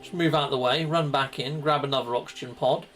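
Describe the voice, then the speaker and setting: A man's voice: medium pitch, steady tone, quick pace, fairly bright tone, soft background music. A man giving chatty, playful live commentary on his gameplay and greeting viewers, with goofy exclamations. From United Kingdom. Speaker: gaming live streamer.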